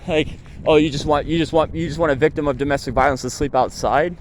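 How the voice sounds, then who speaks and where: A man filming himself at a shelter door, speaking haltingly and repeating words, then venting with growing agitation. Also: a little high, steady tone, slight background noise. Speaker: person seeking shelter. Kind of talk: filmed confrontation and venting.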